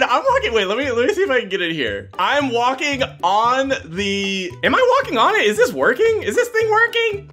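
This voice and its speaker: A man giving excited gameplay commentary as a video host, often breaking into laughs and quick exclamations. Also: extremely high pitch. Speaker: gaming YouTuber.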